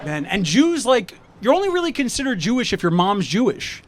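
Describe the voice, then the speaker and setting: A man's voice: high-pitched, sing-song, brisk, noisy background. A young man doing a stand-up set on an outdoor rooftop, wry and self-deprecating. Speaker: stand-up comedian.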